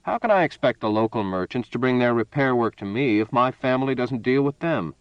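A man's voice: medium pitch, expressive, a little fast, clean tone, no room sound, lo-fi sound, voice pushed up, lightly acted. A man voicing a stubborn older village tradesman who argues indignantly.

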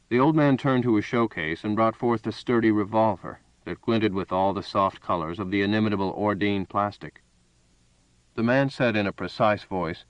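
A man narrating a story in a steady, even reading voice. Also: fairly low pitch, normal speed, dry recording, lo-fi sound. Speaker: audiobook narrator. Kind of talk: scripted narration.

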